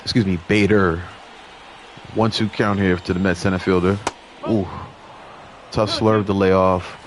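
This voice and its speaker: Brief: young male gaming host calling baseball play-by-play, lowish voice, slight noise behind. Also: unhurried. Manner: excitable on big plays, chatty asides to viewers. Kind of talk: play-by-play commentary over a baseball video game.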